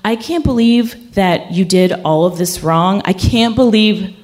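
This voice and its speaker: A woman's voice: mid-range voice, expressive, unhurried, a little mellow, natural voice. A woman putting on the curt, scolding voice of a narcissistic rich woman who is her boss, in a story told on a stage.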